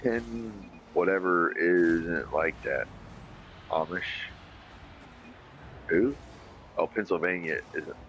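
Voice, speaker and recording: A man's voice: low-pitched, takes it slowly, long pauses, a bit bright, dull audio, a little hiss or hum. A man hosting a casual livestream, rambling and swearing freely as he reads viewer comments aloud. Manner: rambling, profane, emphatic. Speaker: livestream podcast host.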